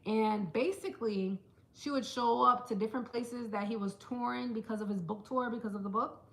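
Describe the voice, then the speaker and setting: A woman's voice: fairly high pitch, normal speed, vocal fry. A woman vlogging casually to camera, chatty and playful, calling her viewers "girl" and "child,". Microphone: small handheld camera.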